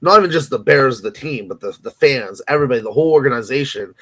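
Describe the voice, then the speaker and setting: A man co-hosting a casual sports betting podcast. He rambles through his picks, hedging and restarting his sentences with plenty of ums. His voice sits at an ordinary pitch. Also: lively intonation, fast talker, a bit bright, slightly rough. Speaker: podcast co-host.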